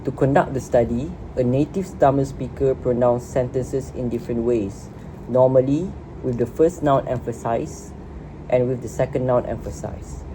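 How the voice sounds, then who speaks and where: A woman's voice: rumbling low, moderate pace, mellow. A woman giving a student class presentation in a noisy room and reading from prepared notes. She repeats a word here and there as she goes. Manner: reads prepared notes, repeats words at times.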